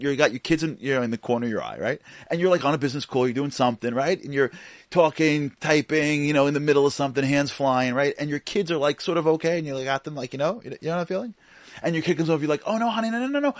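Lively, expressive man giving a sermon. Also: mid-range voice, dry recording. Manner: animated storytelling, acts out voices. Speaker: Jewish teacher.

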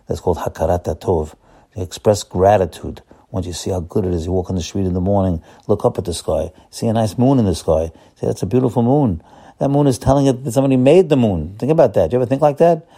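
A man's voice: on the low side, dark tone. A man giving an earnest, coaxing Torah talk, often repeating his words. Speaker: religious teacher.

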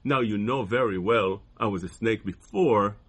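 A man voicing a sly male snake in a read-aloud poem, with a husky, sing-song repeated plea. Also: lowish voice, moderate pace, fairly bright tone. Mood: mocking. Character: sly, pleading male snake turned mocking.

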